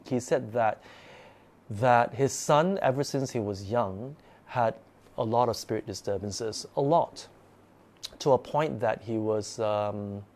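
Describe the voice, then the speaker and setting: A man recounts an eerie experience in a relaxed, conversational way. He talks with lively animation and often repeats words as he builds the tale. His voice sits at a middle pitch. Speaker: guest storyteller. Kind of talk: casual spoken ghost story.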